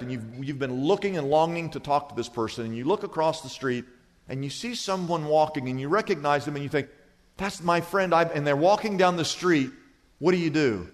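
Male pastor, high-pitched, storytelling sermon style, reverberant church hall. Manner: storytelling, animated with humor.

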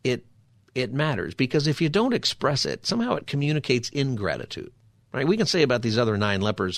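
A man's voice: mid-range voice, big pitch swings, a little fast, creaky, no room sound, clean studio sound. A man hosting a show and giving a conversational Bible teaching, explaining scripture in an easy, chatty way with frequent rhetorical asides to the listener. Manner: chatty, asks rhetorical 'right?' and 'you know?' asides.

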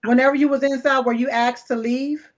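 Brash high-voiced woman interviewer. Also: fairly even intonation, fairly quick. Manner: brash, informal questioning. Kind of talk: casual interview. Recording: dull lo-fi sound.

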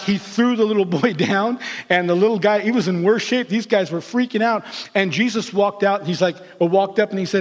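A man's voice: sits high, moderate pace, big-room sound. A man preaching a sermon in a church sanctuary, telling stories animatedly and acting out the people he quotes. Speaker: pastor.

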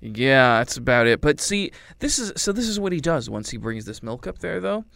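A man reviewing a film in a loose, rambling way, with a wry edge and quick character voices thrown in. His voice is smooth and clear at a middling pitch. The recording is close and dry. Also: very animated, a bit bright, no echo. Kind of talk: casual movie review.

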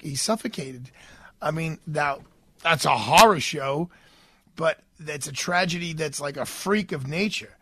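A man's voice: a little high, fairly bright tone, no room sound. A man with a New York accent hosting a talk radio show, speaking earnestly in a rambling monologue full of restarts, from a studio.

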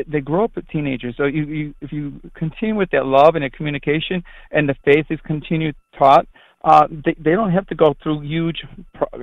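A middle-aged Catholic priest with a fairly high voice answers interview questions earnestly, rambling and restarting often. The audio comes through a tinny, dry phone line.

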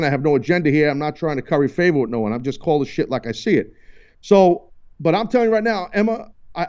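A man's voice: fairly high pitch, a little mellow, lo-fi sound. A man hosting a live talk radio show, ranting bluntly and repeating himself as he argues about wrestling. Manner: blunt, heated, repetitive ranting. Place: radio studio.

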